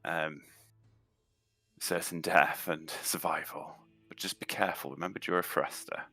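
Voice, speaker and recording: A man voicing a cautious male advisor who speaks in a hushed, measured way. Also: extremely low pitch, fairly even intonation, soft background music, exaggerated voice.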